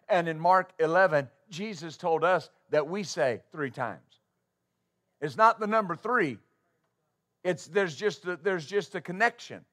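Male pastor, sermon delivery, slightly high voice, emphatic rhetorical style. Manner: emphatic preaching with rhetorical questions, building to loud stresses; halting with uh fillers when starting.

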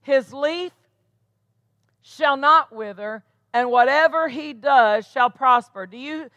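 A woman's voice: high-pitched, slow, bright, forceful tone, no echo. A woman pastor preaching a sermon, emphatic and calling out rhetorical questions to her congregation.

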